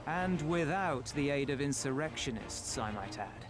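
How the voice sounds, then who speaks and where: A man's voice: medium pitch, animated, natural voice. An actor playing a composed male rebel leader in a game, speaking formally over game music. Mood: measured. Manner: formal, measured.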